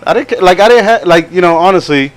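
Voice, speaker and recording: This young podcast co-host speaks quickly in a high-pitched voice with lively intonation. His casual storytelling rambles along, broken up by frequent laughter and quotes he acts out in different voices.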